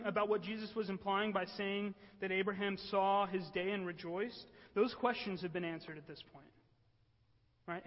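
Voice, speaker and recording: High-voiced man preaching a sermon. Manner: earnest, often asks the room "right?". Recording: echoey hall, dull lo-fi sound.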